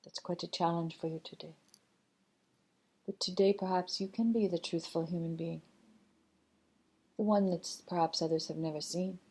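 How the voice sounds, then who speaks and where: A woman channeling a loving spirit guide, giving a slow, measured, gently instructive spiritual message with many pauses. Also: fairly low pitch, pitched below the performer's own voice. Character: collective loving spirit guide, calm and teaching.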